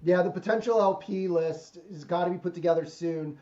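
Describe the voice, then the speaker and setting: A man's voice: high voice, a little fast, dark tone. Chatty man on a dull call line. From Ohio, USA. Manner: chatty, joking, thinks aloud about markets. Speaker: podcast host. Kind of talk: casual business chat. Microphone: video call. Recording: slightly dull lo-fi call audio.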